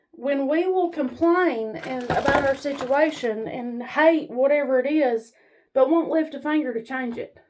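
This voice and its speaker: Woman vlogger, high voice, blunt, folksy, rambling pep talk to camera. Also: darkish tone, slight background noise. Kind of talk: candid motivational talk to camera. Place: standing while filming herself.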